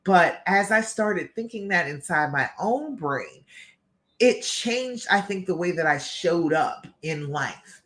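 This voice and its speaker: A woman's voice: lowish voice, expressive, slow, a bit bright. Encouraging woman love coach on a live show. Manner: encouraging, keeps checking in with "okay?". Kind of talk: live-stream coaching talk.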